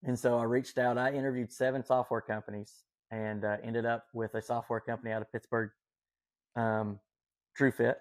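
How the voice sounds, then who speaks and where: A man's voice: medium pitch, flat delivery, normal speed, no echo. A man with a Southern Appalachian accent, telling stories as a podcast guest in an enthusiastic, folksy way. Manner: enthusiastic, folksy, lots of fillers. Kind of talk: casual storytelling chat.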